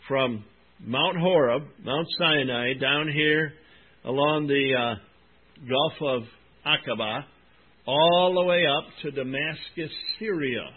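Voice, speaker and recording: A man's voice: a little high, slow pace, narrow, tinny audio. A man preaching a sermon in an earnest, emphatic way, asking his congregation questions as he goes. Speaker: pastor.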